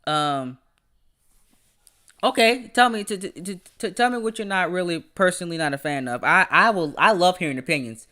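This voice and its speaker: Bright-voiced animated man ranting casually. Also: sits high, moderate pace. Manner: animated, stammers and repeats words; rants, laughs often. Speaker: podcast host. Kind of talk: casual livestream chat.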